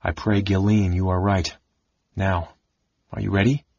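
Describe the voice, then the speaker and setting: A man voicing a stern older male mage who speaks softly, gravely and with command. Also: low-pitched, flat delivery, a little slow, dry recording, exaggerated voice. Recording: dull lo-fi audiobook recording.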